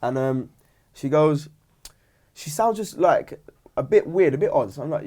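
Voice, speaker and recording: Animated young British man telling a story. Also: fairly high pitch, measured pace, pauses often. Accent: British English. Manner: animated, acts out quotes, says "bro" and "right?". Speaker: podcast co-host. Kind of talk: casual chat, storytelling.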